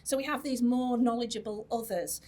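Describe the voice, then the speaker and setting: A woman's voice: a little high, fairly even intonation, brisk, darkish tone. A woman who is a nurse specialist giving a chatty conference talk, with many fillers and restarts. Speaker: tissue viability nurse specialist. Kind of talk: conference presentation. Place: conference hall.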